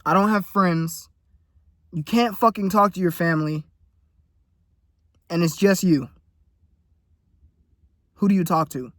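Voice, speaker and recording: A man's voice: sits high, takes it slowly, long pauses, no room sound, clean studio sound. A young man venting in a casual, profane, blunt monologue to camera, ranting about money and frustration. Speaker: vlogger.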